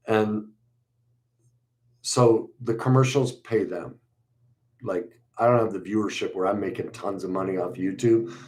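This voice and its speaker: A middle-aged man hosting a casual livestream, reading viewers' comments aloud and answering them in a relaxed, conversational way with frequent fillers. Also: lowish voice, measured pace, pauses often. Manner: reads viewer messages aloud and responds warmly, conversational with fillers.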